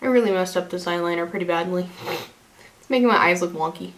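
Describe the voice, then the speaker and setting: A woman's voice: lowish voice, quick pace. A young woman chatting casually through a makeup tutorial as a beauty vlogger, rambling, self-deprecating and restarting her sentences.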